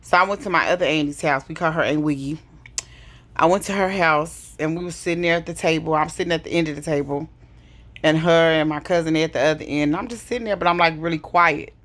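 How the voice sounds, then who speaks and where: A woman's voice: deep voice, fast, a bit bright. A woman, telling a personal story in an emotional, conversational way and often repeating herself. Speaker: vlogger.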